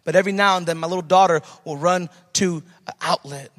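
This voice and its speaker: A man's voice: high voice, quick pace, fairly bright tone, big-room sound. A man preaching a sermon as pastor, emphatic and repeating his key phrases to the church.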